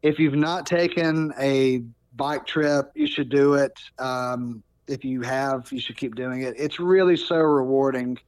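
A man in his thirties telling a personal story in casual talk, animated, often restarting and repeating words. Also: medium pitch, measured pace, smooth, no room sound. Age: 30s. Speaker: podcast guest.

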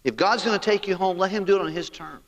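A man preaching a sermon as pastor, animated and talking straight to his congregation. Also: high voice, quick pace, in a large hall.

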